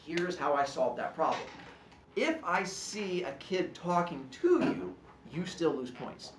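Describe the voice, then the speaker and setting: A man teaching and explaining classroom rules in an animated, joking way, acting out his students. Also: sits high, measured pace, echoey room, a little hiss or hum. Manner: animated, jokey, acts out students.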